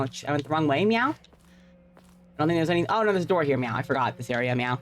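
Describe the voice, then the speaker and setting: A woman's voice: deep voice, expressive, fast. A woman streamer giving playful, profane live gameplay commentary, tacking "meow" onto her sentences. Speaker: game streamer.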